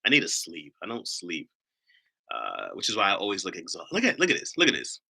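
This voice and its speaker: A man's voice: low-pitched, huge pitch swings, brisk, vocal fry, sharp tone, breathy edge. A man from Ohio hosting a live stream, rambling in casual chat, joking and swearing freely.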